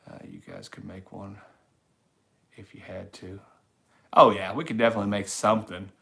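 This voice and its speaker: A middle-aged man with a fairly low voice talks loosely to his livestream viewers. He rambles in an easygoing way and reads their chat messages aloud as they come in. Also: wildly swooping pitch, normal speed, vocal fry, sharp tone. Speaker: livestream host. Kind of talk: casual live-stream chat reading comments.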